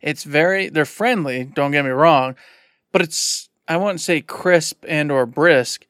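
A man in his forties chats on a gaming podcast in an emphatic, animated manner, his voice sitting a little higher than most men's. The sound is dry and close to the mic, with no room around it. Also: measured pace, no echo. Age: 40s. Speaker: podcast co-host. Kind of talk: casual gaming podcast chat.

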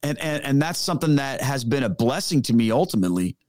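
A man's voice: medium pitch, very animated, quick pace, a little mellow, no room sound, studio quality. A middle-aged man, a former pastor, speaking as a podcast guest and telling stories in an earnest, emphatic, casual way. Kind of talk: conversational storytelling.

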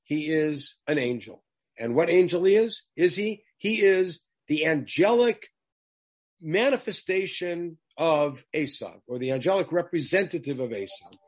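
A man leading a text study class, talking in an animated way and firing off rhetorical questions to his students. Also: on the high side, measured pace. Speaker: teacher.

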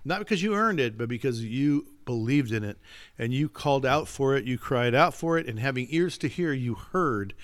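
A man's voice: medium pitch, animated, moderate pace. A man who is a pastor, talking earnestly and emphatically in a casual faith discussion, slipping into a preaching tone.

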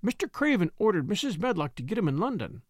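A woman's voice: mid-range voice, very animated, fast talker, darkish tone, no room sound, clean studio sound. A woman voicing a kind, plainspoken young maid who talks in broad Yorkshire dialect. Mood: friendly. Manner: broad dialect, earnest and chatty.

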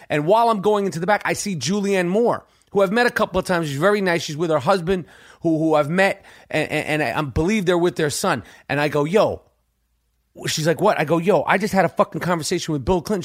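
A middle-aged man hosting a podcast, telling a rambling, profane story full of slang and excitement. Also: sits high. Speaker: podcast host. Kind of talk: casual storytelling monologue.

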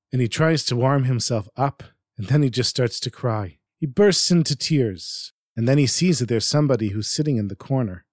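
A man's voice: medium pitch, no room sound, clean studio sound. Man telling a folktale expressively. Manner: expressive, dramatic storytelling. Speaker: storyteller. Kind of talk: told folktale narration.

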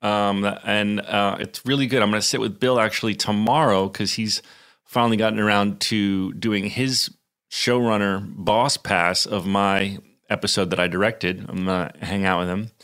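A man's voice: lowish voice, steady tone, normal speed, a bit bright, smooth. A man co-hosting a podcast, casually recapping an episode in a rambling way with restarts. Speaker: podcast co-host.

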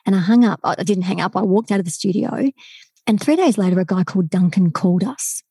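Fast-talking woman, dark husky tone. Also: medium pitch, no room sound. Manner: fast, enthusiastic, animated storyteller. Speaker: guest body language expert. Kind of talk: storytelling podcast interview.

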